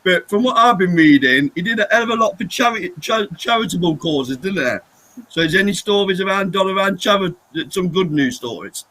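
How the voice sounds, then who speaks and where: A man's voice: high voice, animated, a little fast, fairly bright tone, low-quality recording. A man hosting a boxing interview show and asking the guest questions in a conversational way. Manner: conversational, with questions that end in tags. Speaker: podcast host.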